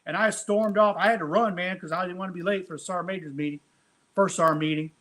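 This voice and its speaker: This is a man with a notably high speaking voice, spinning an army tale on a podcast. He tells it with animated, salty energy, dropping "man" and a curse here and there as he goes. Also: fast. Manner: animated, profane, peppers speech with "man". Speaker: retired army first sergeant guest. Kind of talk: casual storytelling on a podcast.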